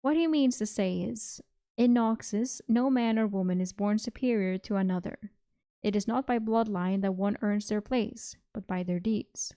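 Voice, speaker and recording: A woman's voice: medium pitch, moderate pace, warm tone, lightly acted. Woman reading as a menacing aging grand general. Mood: measured.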